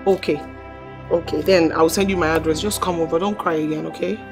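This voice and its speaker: Kind motherly lady, low-ish voice, soothing, prayerful, faint music. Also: steady tone, fairly quick, gravelly. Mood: reassuring. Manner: warm, reassuring, prayerful. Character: caring motherly wife and host.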